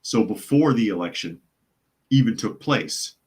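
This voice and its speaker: Deep-voiced man doing sardonic news talk. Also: expressive, unhurried, darkish tone, slightly rough. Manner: sardonic, reads news and chat comments aloud. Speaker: podcast host. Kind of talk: live news commentary podcast reading chat.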